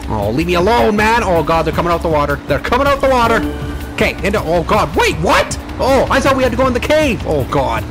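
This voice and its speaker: Young male gaming host, excitable, sweary, lively pitch, music under. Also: fast. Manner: excitable, swears, frantic exclamations. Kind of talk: let's play commentary.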